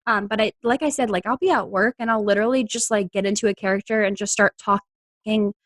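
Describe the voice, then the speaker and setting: A woman's voice: medium pitch, quick pace, a bit bright, no room sound. A young woman from Long Island talks in a loose, chatty way and laughs easily between thoughts. She drops into playful put-on voices now and then. Her voice sits mid-range and sounds close and dry. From Long Island, New York. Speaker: voice-over actress guest. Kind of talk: casual interview chat.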